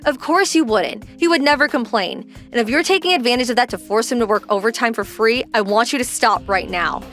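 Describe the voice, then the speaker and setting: A woman's voice: a little high, lively intonation, brisk, fairly bright tone, faint music behind. A young woman voicing a protective wife who confronts her husband's boss in a pleading, accusing way.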